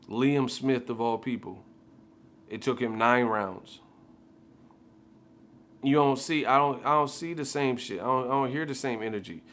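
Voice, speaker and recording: A man's voice: mid-range voice, a bit bright. A man ranting casually as a boxing commentator, heated and profane, repeating himself. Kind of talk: casual rant.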